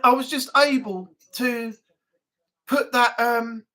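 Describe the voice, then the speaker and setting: A man's voice: very high voice, fairly even intonation, slow, bright, forceful tone. A man hosting a casual live-stream chat, talking in a rambling, easygoing way with frequent laughs.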